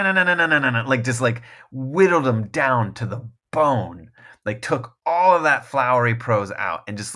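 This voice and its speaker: A man's voice: mid-range voice, a bit bright. Writer guy rambling on a podcast, says like constantly, restarts sentences, keeps laughing at himself. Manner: rambling, full of "like" and restarts, self-deprecating; laughs often mid-thought. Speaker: guest author. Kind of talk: casual podcast conversation.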